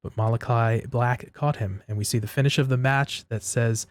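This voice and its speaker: Man, mid-pitched voice, casual podcast co-host, steady match recap. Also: normal speed.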